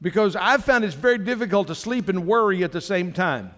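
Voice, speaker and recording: A man's voice: high voice, lively intonation, fairly quick, a bit bright, long reverb tail. A man pastor preaching a sermon, emphatic, climbing into fervent exhortation.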